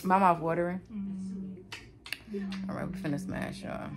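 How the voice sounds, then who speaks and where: A woman's voice: mid-range voice, steady tone, slow pace. A young woman vlogging from home, chatting to viewers in a casual, talkative way and calling them y'all. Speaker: vlogger mom. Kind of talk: casual home vlog talking to camera. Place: home kitchen and living room.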